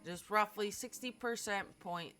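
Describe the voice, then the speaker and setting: A woman's voice: mid-range voice, moderate pace, sharp tone, faint music behind, voice pushed up, natural voice. A woman reading a game aloud, voicing a formal alien being who speaks as a collective "we", in a stiff, precise manner.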